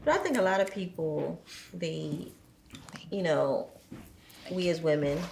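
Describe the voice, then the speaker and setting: Low gravelly woman talking things through slowly, roomy sound. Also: darkish tone. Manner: thoughtful, many "you know" fillers. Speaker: podcast guest. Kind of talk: reflective conversational talk. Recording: echoey room, faint noise.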